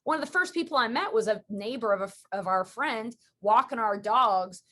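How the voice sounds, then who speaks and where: A woman from Western New York hosting a podcast, chatting casually and telling stories with quick, rambling asides. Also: on the high side, expressive, a bit bright. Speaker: podcast host. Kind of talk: casual interview chat.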